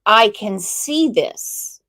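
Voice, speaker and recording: A woman's voice: medium pitch, expressive, sharp tone. A woman hosting a true crime channel, talking casually and reading viewer comments aloud. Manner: unhurried, chatty, reads viewer comments aloud. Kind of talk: casual live-stream commentary.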